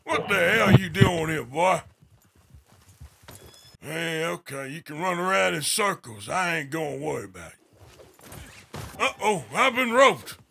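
A man putting on the voice of a gruff middle-aged outlaw cowboy in game voice chat, with a gravelly drawl and folksy ways, calling people boy and fella. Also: a little high, very animated, measured pace, long pauses, background noise, exaggerated voice. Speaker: gamer doing a character impression.

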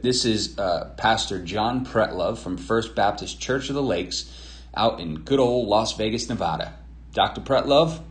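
A man's voice: lowish voice, fairly bright tone, echoey room. A man giving sarcastic, rambling critical commentary on a sermon. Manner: mocking, sarcastic, rambling with fillers. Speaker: video commentator.

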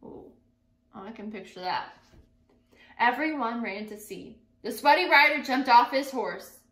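A woman teacher with a bright, fairly high voice reads a children's book aloud. She stops to think out loud about what she pictures. The room is echoey. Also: lively intonation, measured pace. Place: classroom.

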